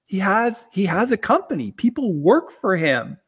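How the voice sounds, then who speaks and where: Middle-aged man, guest on a talk show, lively storyteller, slightly high voice. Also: normal speed, husky. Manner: animated storyteller, acts out quotes.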